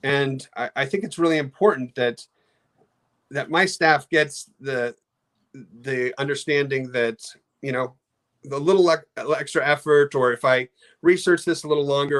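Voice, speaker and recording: A middle-aged man talking casually on a podcast about customer service, halting often with restarts. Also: mid-range voice, fairly bright tone. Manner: halting, many restarts, storytelling with acted quotes. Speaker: card company customer experience head. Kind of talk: casual podcast talk with slides.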